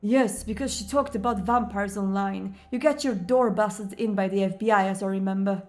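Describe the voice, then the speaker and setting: A woman's voice: mid-range voice, fairly even intonation, normal speed, a little mellow, lightly acted. A woman voicing an exasperated older man from the Midwest, a vampire hunter in a story game, reading his lines in an impatient, grumbling way. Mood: sarcastic.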